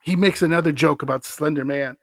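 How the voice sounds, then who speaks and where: A man's voice: on the high side, fairly quick, dry recording. A man hosting a podcast, reading a scary story aloud and breaking off for wry, amused asides. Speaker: podcast host.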